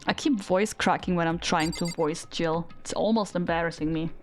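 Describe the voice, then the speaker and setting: A woman's voice: lowish voice, moderate pace, soft background music. A young woman streamer chatting casually with her audience, giggling and rambling in a self-deprecating way. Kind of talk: casual live-stream chat.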